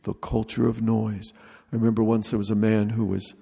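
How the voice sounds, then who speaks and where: In a spacious hall, a man leads a retreat talk in a gravelly, mellow, dark voice that sits on the low side and barely shifts in pitch. He goes slowly and carefully, repeating brief phrases, and the room gives off a long reverb.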